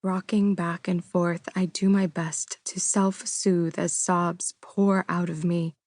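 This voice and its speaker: A woman's voice: fairly low pitch, flat delivery, slow, darkish tone, no echo, studio quality. A woman narrating a first-person romance audiobook with an intimate, emotional reading.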